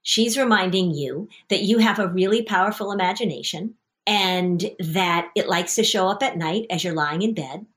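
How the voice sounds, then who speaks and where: A woman's voice: lowish voice, normal speed. A middle-aged woman therapist hosting a session, coaching a parent and child and telling stories with acted-out voices. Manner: lively storyteller, acts out scenes with voices. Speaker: anxiety therapist and podcast host.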